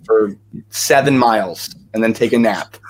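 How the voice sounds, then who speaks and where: A man's voice: on the low side, measured pace. A young man, a guest actor, telling stories in a casual interview with lots of energy and many fillers.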